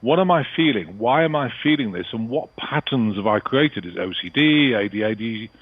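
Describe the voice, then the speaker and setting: A British man talks loosely in an interview, circling back with frequent "you know"s. His voice is husky and breathy, and it sits close and dry on the mic. The recording is dull and lo-fi, with a muffled top end. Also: mid-range voice, animated, brisk, no room sound. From England. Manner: rambling, peppered with "you know". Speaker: guest healer. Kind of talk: casual interview talk.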